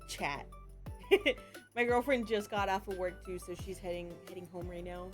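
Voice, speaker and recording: A woman streaming live in casual chat, excitable, laughing often and swearing freely. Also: lowish voice, normal speed, faint music behind.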